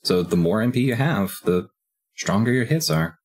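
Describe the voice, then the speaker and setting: A man's voice: fairly low pitch, expressive, normal speed, breathy edge. A young man co-hosting a casual podcast, making dry, wry asides. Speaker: podcast co-host. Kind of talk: casual chat.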